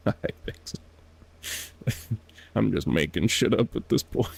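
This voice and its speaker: A man's voice: fairly low pitch, animated, slow, vocal fry, husky. A man streaming a game, chatting casually to himself, laughing often and sounding out foreign words. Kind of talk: casual gameplay commentary.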